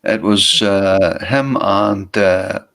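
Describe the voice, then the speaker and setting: A man co-hosts a casual livestream with a low, gravelly voice. His talk rambles, full of "you know" and swearing. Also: drawn-out words, fairly bright tone. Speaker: livestream co-host. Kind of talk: casual chat.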